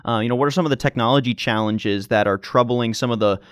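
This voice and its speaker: A man's voice: mid-range voice, fast, clear, resonant tone, dry recording, studio quality. A man hosting an interview, asking long, wordy questions full of fillers. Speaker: interviewer, host.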